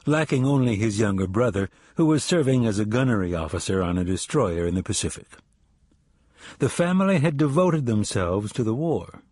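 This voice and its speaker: A man reading a spy thriller audiobook in a measured, even storytelling delivery. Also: on the low side, slightly rough, no room sound, studio quality. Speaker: audiobook narrator. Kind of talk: scripted narration.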